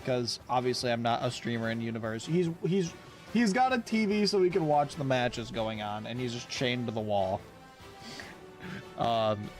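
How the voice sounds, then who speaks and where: A young man streaming a video game tournament, commentating with excited exclamations, laughter and quick character voices. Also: mid-range voice. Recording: game music playing behind.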